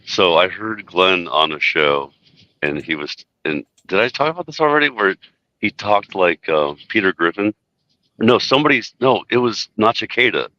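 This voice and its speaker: A man's voice: low voice, sing-song, normal speed, bright, forceful tone, dry recording, muffled recording. A man telling rambling stories in a casual podcast chat, full of "dude" and "like". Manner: rambling storyteller, says "dude" and "like" a lot.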